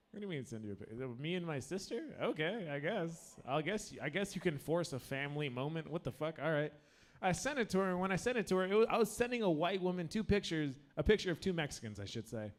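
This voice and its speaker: Tipsy, rambling stand-up comic. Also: male voice, fairly high pitch. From United States. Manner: crude, rambling, self-interrupting. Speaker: stand-up comedian. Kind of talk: open-mic stand-up set.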